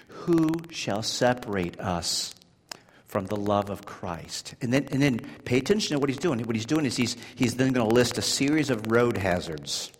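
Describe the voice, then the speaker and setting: A man preaching a sermon, swinging from hushed, slow passages to loud, high-pitched emphasis and often repeating words as he builds. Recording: long hall reverb.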